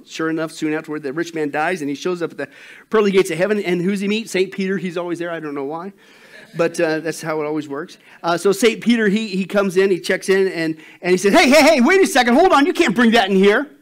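A man preaching a sermon as pastor, animated and emphatic, telling a joke story. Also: high voice.

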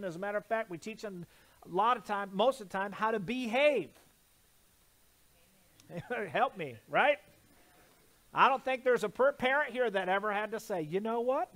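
A man's voice: sits high, normal speed, a bit bright. A man preaching a sermon as pastor, emphatic, repeating phrases and putting questions to the congregation. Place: church sanctuary.

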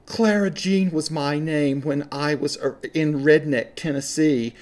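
A man's voice: fairly high pitch, unhurried, a little mellow, natural voice. A man mimicking a phony woman with a put-on accent. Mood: mocking. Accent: Appalachian. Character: woman affecting a fake refined accent, disowning her rural roots.

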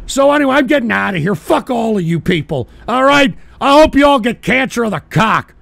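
A man hosting a call-in radio show, shouting an angry, profanity-laced rant at trolls. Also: extremely high pitch, lively intonation, brisk, creaky, no echo.

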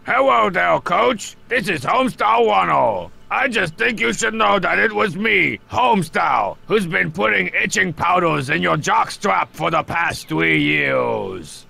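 A man voicing a brash, cocky masked wrestler in a game, with a raspy, gravelly voice and a sarcastic, scheming manner. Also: sits high, expressive, measured pace, hardly any pauses, pushed and bright, exaggerated voice. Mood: prank calling.

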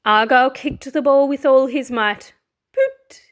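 A woman who teaches primary school, reading a picture book aloud in a slow, expressive storytelling way. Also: high-pitched.

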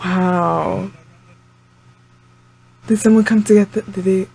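A woman's voice: mid-range voice, fairly even intonation, slow pace, vocal fry, a little mellow, slightly rough. A young woman hosting a reaction video, chatting casually to the screen with frequent exclamations and laughs. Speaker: anime reaction channel host.

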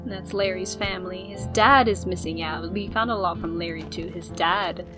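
A woman commentating as she plays a video game, excitable and quick to swear when surprised. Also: lowish voice. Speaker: gamer. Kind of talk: let's play commentary. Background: game music.

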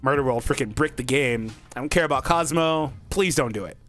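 A young man hosting a gaming channel, commenting on a card game as he plays, excitable, talking to himself and laughing often. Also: medium pitch, fairly quick, soft background music.

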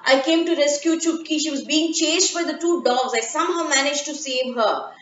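A woman's voice: high-pitched, moderate pace, slight background noise, voice pushed up, close to an everyday voice. A woman voicing a brave little village girl, speaking earnestly in a storybook reading. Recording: dull, echoey room, from far off.

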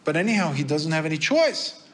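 A male Buddhist monk with a fairly high, sing-song, somewhat bright voice gives a dharma talk in a temple prayer hall. He tells a story with pauses and fillers.

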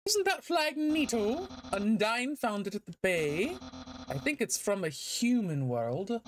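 A woman's voice: mid-range voice, sing-song, takes it slowly, a little hiss or hum, pitched above the performer's own voice. A woman voicing a goofy, boastful male skeleton in a video game, with a Scottish-tinged accent that keeps slipping.

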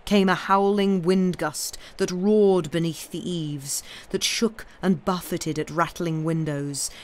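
A woman reading a classic story aloud as narrator on a livestream, in a slow, deliberate storytelling manner. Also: on the low side, steady tone. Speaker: reader.

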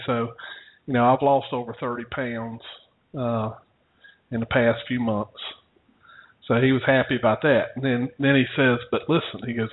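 A man casually telling a rambling story to his co-host, often chuckling. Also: medium pitch. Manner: rambling, chuckling anecdote teller. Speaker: podcast co-host. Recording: tinny phone-like audio.

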